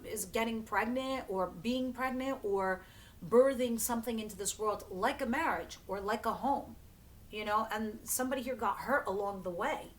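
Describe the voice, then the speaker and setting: A woman's voice: fairly high pitch, fairly bright tone. Blunt, casual woman doing a tarot reading. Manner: blunt, swears freely, talks straight to the viewer. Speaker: tarot reader.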